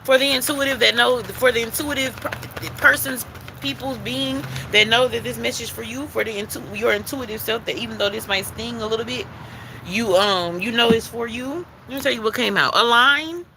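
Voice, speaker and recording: A woman's voice: a little high, normal speed, sharp tone, slight background noise, poor audio. A woman giving a spiritual tarot reading, emphatic and repetitive, who calls the listener baby and swears casually. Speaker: intuitive card reader.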